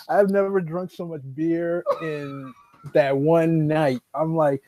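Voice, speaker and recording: A man in casual live-stream chat, telling animated stories between bursts of laughter. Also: a little high, takes it slowly, poor audio. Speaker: guest co-host.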